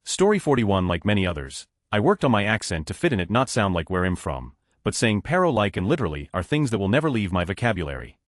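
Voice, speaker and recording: A man reads out online stories one after another in a brisk, lively narration. His voice sits low, and the dry recording has no room sound. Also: dry recording. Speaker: narrator of reader posts. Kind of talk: scripted narration.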